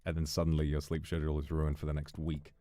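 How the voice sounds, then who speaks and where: A man streaming and chatting casually, musing in a relaxed way and thanking viewers for donations. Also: rumbling low, fast talker, soft background music. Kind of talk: casual livestream chat.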